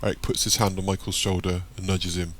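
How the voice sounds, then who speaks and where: A man narrating an audiobook in a plain, steady reading voice. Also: deep voice, fast talker. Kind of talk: scripted narration.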